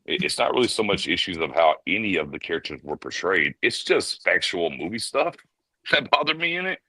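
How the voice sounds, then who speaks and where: A man co-hosting a casual podcast, giving an animated film review and briefly mimicking characters as he tells it. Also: low voice, slightly rough, no room sound, poor audio. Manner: animated storyteller, mimics characters in quick bursts. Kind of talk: casual chat.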